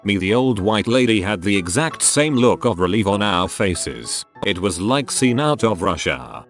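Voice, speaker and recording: A man narrating online stories aloud, lively, dropping his voice low when quoting people. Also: a little slow, faint music behind.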